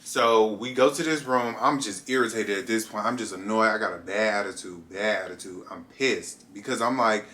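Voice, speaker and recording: Bright-voiced young man telling a story. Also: normal speed, few pauses. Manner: animated, jumps into high voices for quoted lines; talks straight to viewers. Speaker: vlogger. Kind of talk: casual storytime.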